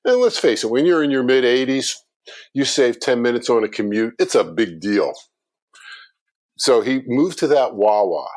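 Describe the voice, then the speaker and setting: Middle-aged male guest, animated storyteller, mid-range voice. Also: medium pitch, normal speed. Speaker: guest speaker on customer experience. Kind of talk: storytelling in a conversation.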